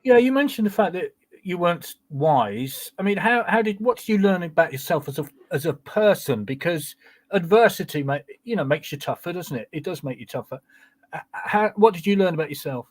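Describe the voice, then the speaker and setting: Polite man interviewer, slightly high voice. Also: animated, a little fast. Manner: polite, gently probing questions. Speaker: interviewer host. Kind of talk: conversational interview.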